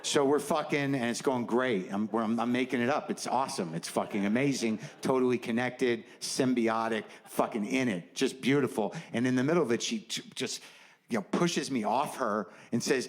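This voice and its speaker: A man's voice: mid-range voice, normal speed. A middle-aged man doing a stand-up comedy set, rambling and self-deprecating, full of nervous "you know" asides. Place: comedy stage before a live audience.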